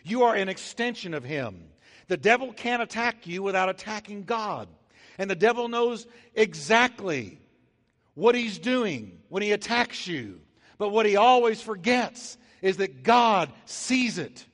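A male pastor preaching a sermon with emphatic swings between loud and soft, acting out little scenes in comic voices. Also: sits high, big pitch swings, measured pace. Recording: long hall reverb.

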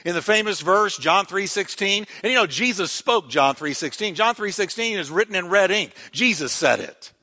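A man's voice: sits high, lively intonation, normal speed, hardly any pauses, sharp tone. A male pastor preaching a sermon with emphasis, repeating key words for weight.

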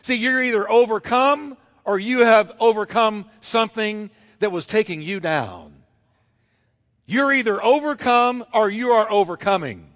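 Guy preaching hard, high voice, fiery sermon w/ lots of repeated questions. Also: measured pace, a bit bright. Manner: fervent, repetitive rhetorical questions.

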